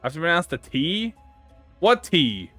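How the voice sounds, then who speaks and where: Animated Australian man streaming. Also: a little high, moderate pace, soft background music. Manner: rambling, swears casually, reacts to chat. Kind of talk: casual livestream chat.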